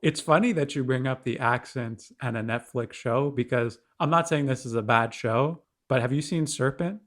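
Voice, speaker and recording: A man's voice: mid-range voice, normal speed. Wry young man chatting. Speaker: podcast co-host. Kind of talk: casual chat.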